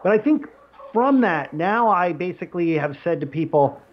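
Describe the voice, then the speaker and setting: A man with a slightly higher voice than most talks casually as a podcast guest. He is animated and full of restarts and fillers. The sound is a bit muffled and lo-fi. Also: moderate pace, slight background noise. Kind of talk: casual conversation.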